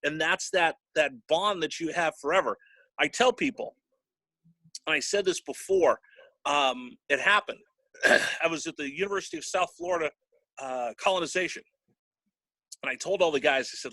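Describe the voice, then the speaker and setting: On the high side and sharp in tone, a male sports broadcaster speaks at normal speed with long pauses while recounting personal stories in an interview. He's emotional and sometimes chokes up; the low-quality recording has no room sound.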